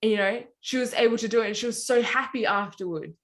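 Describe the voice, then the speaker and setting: A woman's voice: on the high side, fast talker. Australian woman, casual chat, rambling storyteller with filler words. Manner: rambling, many "anyway" and "like" fillers. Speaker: podcast co-host.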